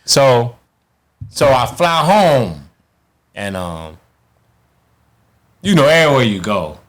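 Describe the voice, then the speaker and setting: A man tells a long personal story as a podcast guest. His delivery is loose and animated, full of cursing. He keeps slipping into the voices of the people in his story. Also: mid-range voice, slow. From Chicago, USA. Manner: animated, profane, acts out quotes in others' voices. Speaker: guest, former boxing champion. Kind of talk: casual storytelling.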